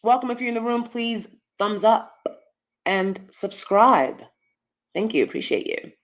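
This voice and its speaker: A woman's voice: fairly high pitch, unhurried. A woman vlogger giving opinionated commentary to her viewers from downstairs at home, emphatic and repeating lines for effect.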